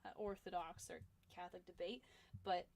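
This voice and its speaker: A woman's voice: fairly low pitch, steady tone, moderate pace, vocal fry, a little mellow. Sleepy rambling woman chatting while drawing. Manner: rambling storyteller, many fillers. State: sleepy, tired. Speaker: comic artist livestreaming a drawing session. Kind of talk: casual chat while drawing.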